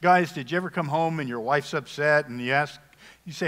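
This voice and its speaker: Jokey pastor in an echoing church. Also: male voice, fairly high pitch, brisk, fairly bright tone. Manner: folksy, humorous, conversational preaching. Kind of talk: sermon. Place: church sanctuary. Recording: long reverb of a church hall.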